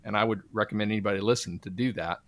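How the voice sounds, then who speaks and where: A man's voice: lowish voice, very fast, no room sound. A man giving a testimony in an interview, earnest and preacherly, often quoting scripture. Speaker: guest, Christian minister.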